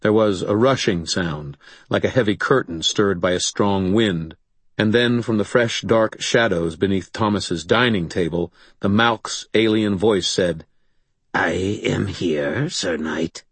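Deep husky man narrating an audiobook. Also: unhurried, no echo. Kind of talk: first-person audiobook narration.

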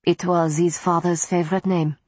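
A woman voicing a proud ancient female vampire matriarch, speaking slowly and formally. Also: on the low side, level tone, darkish tone, slightly rough, no room sound. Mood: stately.

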